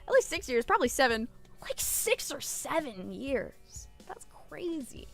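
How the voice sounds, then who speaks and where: A woman's voice: high-pitched, very animated, measured pace, vocal fry, fairly bright tone, faint music behind. A woman streamer rambling in casual live-stream chat, irreverent and swearing freely.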